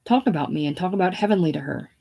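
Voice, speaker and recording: A woman's voice: lowish voice, animated, very fast, vocal fry, dark tone, husky, exaggerated voice. A woman reading the part of a pushy, ambitious young man who hisses his demands. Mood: demanding. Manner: hissing, insistent. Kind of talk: casual play reading.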